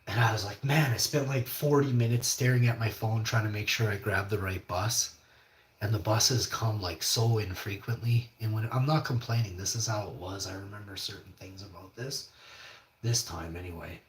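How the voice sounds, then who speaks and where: A man's voice: fairly low pitch, moderate pace. A man casually telling a rambling personal story, full of fillers and casual swearing. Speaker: podcast host. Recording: echoey room.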